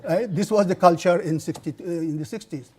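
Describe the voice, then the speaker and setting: An older man who grew up in India is lecturing to students, his voice pitched a little above the usual. He tells personal stories in a lively, digressive way, laughing and restarting often. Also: brisk. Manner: animated storytelling with frequent laughs and restarts.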